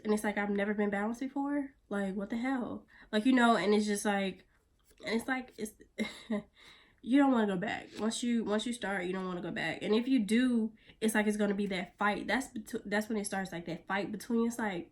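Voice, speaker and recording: A woman talking straight to her camera in a loose, swearing pep talk, pushing hard on key words and then sinking low and soft, almost whispering. Her pitch sits in the middle range for a woman. It sounds like casual, unscripted vlog chat. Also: normal speed. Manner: blunt, profane, pep-talk delivery that drops to soft near-whispers. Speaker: vlogger.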